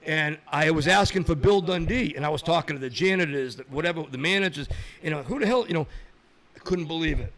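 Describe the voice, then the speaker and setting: Middle-aged podcast guest, high-pitched and lively, tells stories and acts out other people's voices. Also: male voice, fast. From Massachusetts. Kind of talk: storytelling in a casual chat.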